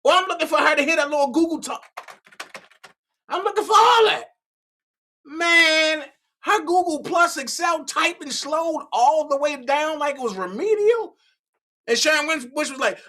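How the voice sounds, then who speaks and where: Animated, bright-voiced male livestream host. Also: extremely high pitch, normal speed. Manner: animated, stammering, repeats words. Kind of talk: casual live commentary.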